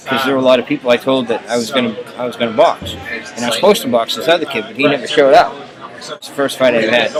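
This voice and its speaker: A man's voice: medium pitch, rough recording. A man casually telling rambling personal stories, full of "you know" fillers. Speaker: storyteller. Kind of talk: casual anecdotes.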